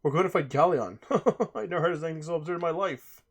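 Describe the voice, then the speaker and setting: A man's voice: on the high side, fast talker, slightly rough. Man as brooding young male warrior, grim and warning.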